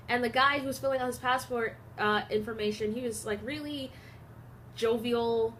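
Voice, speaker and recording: A woman's voice: fairly high pitch, steady tone, brisk, fairly bright tone, slight background noise. A young American woman vlogging, telling a story casually with many digressions and fillers. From United States. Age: young adult.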